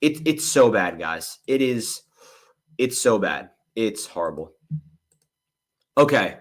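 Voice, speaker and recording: This young movie livestream host answers viewers' questions slowly but in a very animated way, his voice on the low side. His answers ramble and stay candid, with "honestly" and "I'm gonna be real" coming up often.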